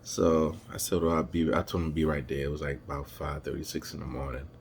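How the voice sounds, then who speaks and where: A man telling a personal family story to camera, emotional and halting as he searches for words. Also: very deep voice, steady tone, creaky, slight background noise. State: emotional, holding back tears. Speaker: vlogger.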